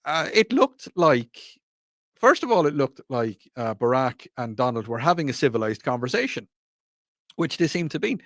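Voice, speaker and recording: An Irish man talks on the radio in a loose, rambling way and laughs at his own jokes. His voice sits at an ordinary middle pitch. The studio sound is close and dry. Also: very animated, normal speed, no room sound. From Ireland. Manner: rambling, jokey, self-mocking. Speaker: radio talk show host. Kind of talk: casual radio chat. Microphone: studio microphone.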